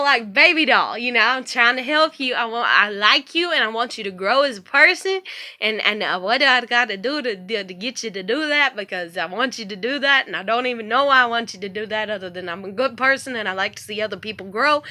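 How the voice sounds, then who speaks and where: Fiery high-voiced woman venting on camera. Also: lively intonation, fairly quick, pushed and bright. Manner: confrontational, heavy swearing, raises her voice. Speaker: vlogger. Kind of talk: heated monologue to camera.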